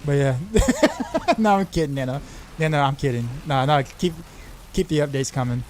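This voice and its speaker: A man streaming a game, chatting casually with viewers in an excitable, rambling way, often tripping over his words and restarting sentences. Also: mid-range voice, moderate pace, a little hiss or hum. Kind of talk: casual livestream chat.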